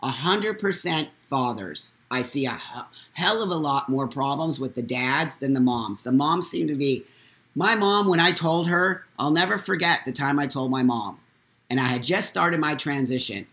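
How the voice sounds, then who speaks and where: A man hosting a live morning talk show, telling a personal story in a candid, blunt and animated way. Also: mid-range voice, moderate pace. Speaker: host.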